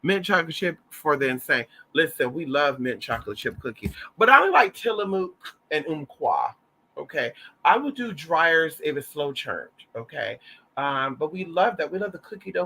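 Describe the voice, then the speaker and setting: Flamboyant guy chatting to his viewers, sassy and cussing, kinda high bright voice. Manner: sassy, flamboyant, calls viewers honey and y'all, swears a lot. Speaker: vlogger. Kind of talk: casual livestream chat.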